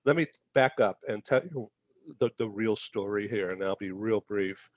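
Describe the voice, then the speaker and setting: A man's voice: on the low side, moderate pace, dry recording. Chatty man telling stories. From Boston area, US. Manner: rambling, tags lines with "okay?". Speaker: guest, magazine publisher. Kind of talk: casual storytelling.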